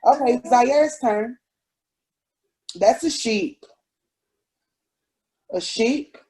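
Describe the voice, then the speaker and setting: A woman's voice: fairly high pitch, drawn-out words, mellow, slightly rough. A mother playing with her toddler over a picture book, sing-song and making animal noises. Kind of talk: playful talk with a toddler.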